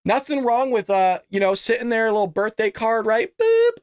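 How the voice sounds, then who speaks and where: A man's voice: sits high, a little fast, clean tone, dry recording, studio quality. A man hosting his own political commentary show, reading an ad and then ranting in a heated way with lots of rhetorical questions. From California. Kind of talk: casual political commentary and ad read.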